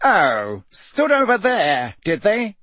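A man voicing a cold, curt middle-aged male official who snaps and shouts accusations. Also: sits high, wildly swooping pitch, slow pace, no echo, pitched above the performer's own voice, heavily acted. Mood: sneering.

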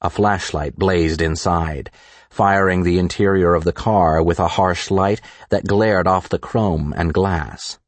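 A man narrating a thriller audiobook in a measured, deliberate reading style. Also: low-pitched, fairly even intonation, no room sound.

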